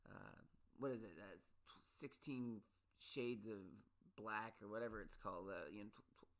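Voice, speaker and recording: A man's voice: lowish voice, moderate pace, a bit bright. A man hosting a solo podcast, ranting about his pet peeves in a rambling, restless way, with many restarts and sudden exasperated peaks. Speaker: podcast host.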